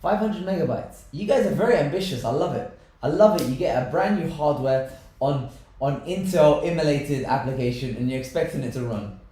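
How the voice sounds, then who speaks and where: A man co-hosting a live tech stream, chatting casually and wryly as he tries out software. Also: fairly high pitch, animated, fairly quick. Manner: chatty, wry commentary on software trials. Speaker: tech show co-host. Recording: very echoey room.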